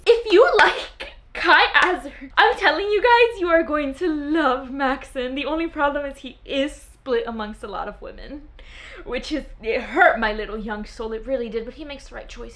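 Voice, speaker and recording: Young woman book vlogger, gushy and excitable, high sparkly voice. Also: moderate pace, slight background noise. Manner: gushing and excitable. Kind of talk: casual book chat.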